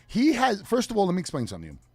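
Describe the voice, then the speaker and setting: A man's voice: sits high, huge pitch swings, rapid-fire, husky. A man co-hosting a radio talk show, swearing a lot as he rants in casual chat, recorded in a studio. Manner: profane ranting, heated. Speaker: co-host.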